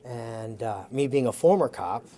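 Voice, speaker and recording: A man telling a long anecdote in an interview. He acts out the quoted lines with lively changes of voice and chuckles as he goes. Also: mid-range voice, unhurried. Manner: chuckles while telling the story. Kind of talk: animated storytelling.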